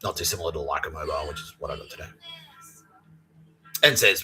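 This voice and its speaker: A man's voice: extremely low pitch, animated, fast talker, over music, rough recording. A man hosting a podcast in a rambling, profane comic monologue full of fillers. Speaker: podcast host.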